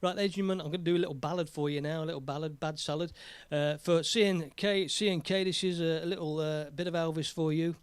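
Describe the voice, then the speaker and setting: An English man rambles cheerfully as he hosts his own music live stream, cracking jokes between songs. His voice sits a little high and sounds close and dry. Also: steady tone, quick pace, hardly any pauses, clean tone, no room sound. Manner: chatty, rambling, jokey. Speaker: live stream host and singer. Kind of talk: casual live stream chat.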